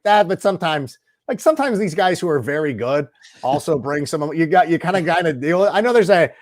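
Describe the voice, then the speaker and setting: A middle-aged football analyst joins as a guest and talks in a chatty, rambling way, full of asides. His voice sits a little high and swings widely in pitch. The sound is close and dry. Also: no room sound. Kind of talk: casual sports talk interview.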